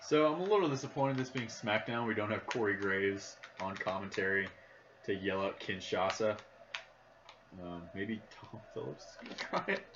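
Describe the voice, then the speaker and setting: A man's voice: on the low side, normal speed. A young man with a Midwestern accent, rambling and joking in a casual chat while playing a video game. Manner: rambling, jokey, thinks aloud. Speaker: podcast co-host. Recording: dull lo-fi audio, faint background noise.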